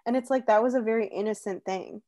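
A young woman in casual chat, telling stories in a chatty, animated way with lots of fillers. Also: a little high, fast talker. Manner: chatty, animated storytelling with many "like"s.

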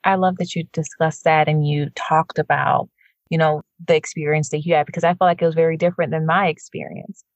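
A woman's voice: low-pitched, level tone, brisk, no echo. A woman who moved from Jamaica as a child, interviewing a guest and asking encouraging questions. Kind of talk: conversational interview.

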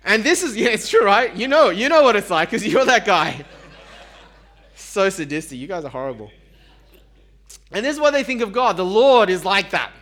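A man's voice: sits high, sing-song, normal speed, long pauses, fairly bright tone. A man preaching a sermon in a conversational way, asking the congregation rhetorical questions and joking about himself. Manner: self-deprecating humor.

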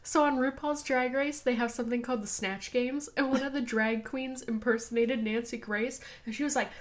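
Woman cohost dropping quick reactions, kinda high voice, casual. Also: steady tone. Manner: chimes in with short agreeing remarks. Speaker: podcast co-host. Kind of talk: casual true-crime chat.

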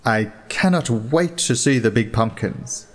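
A man's voice: medium pitch, lively intonation, measured pace, very noisy, close to an everyday voice. A man voicing a nervous, fussy male birdwatcher who stammers politely. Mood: prim.

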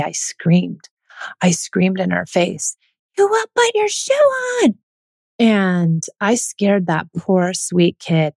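A woman's voice: lowish voice, creaky, darkish tone, no echo. A woman in her thirties, a mother, speaking candidly and reflectively in a personal monologue. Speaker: mother telling her parenting story.

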